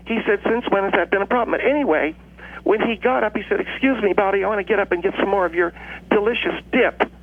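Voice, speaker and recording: A man voicing a boastful, combative woman who calls in, telling her story in a drawn-out way over a tinny phone line. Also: high voice. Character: brash Southern woman caller, boastful and combative. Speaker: caller.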